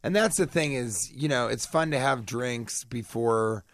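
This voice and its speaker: A man's voice: medium pitch, unhurried, dry recording, clean studio sound. A man guesting on a radio show, chatting in a rambling, self-mocking way and laughing easily. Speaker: guest comedian. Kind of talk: casual radio chat.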